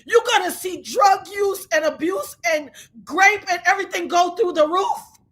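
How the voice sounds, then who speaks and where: A woman livestream host in an angry rant, shouting, repeating herself and near tears with rage. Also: very high-pitched, moderate pace. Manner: furious, shouting, repetitive.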